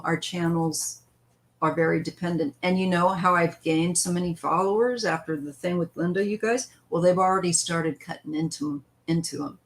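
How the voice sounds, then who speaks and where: A woman's voice: lowish voice, poor audio. A woman hosting a live tarot stream who chats loosely, greets viewers by name and wanders between thoughts while reading the cards. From western United States.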